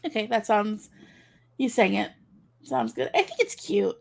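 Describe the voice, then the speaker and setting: Creaky-voiced woman co-host. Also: a little high, expressive, measured pace. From United States. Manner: playful, spins silly imagined scenarios. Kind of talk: casual chat.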